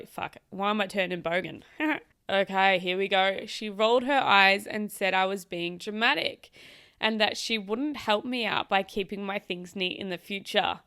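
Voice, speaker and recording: A woman's voice: medium pitch, normal speed, a bit bright, clear, resonant tone, dry recording, clean studio sound. A young woman hosting a podcast, reading stories aloud and breaking off into sarcastic, chatty asides. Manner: chatty, sarcastic asides, swears, laughs easily. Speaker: podcast host. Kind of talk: casual reaction chat, reading stories aloud. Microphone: close podcast mic.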